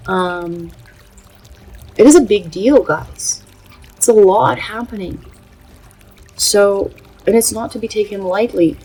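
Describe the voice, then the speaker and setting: A Brazilian woman whose first language is Portuguese hosts a spiritual channel, chatting casually in a vlog. Her medium-pitched voice is mellow and husky, and she speaks earnestly but haltingly with many filler pauses. Faint music plays behind her on a low-quality recording.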